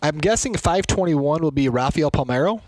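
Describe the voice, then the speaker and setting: A man answering trivia in a casual chat, easygoing with quick short replies. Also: on the high side, animated, darkish tone, low-quality recording. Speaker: quiz contestant.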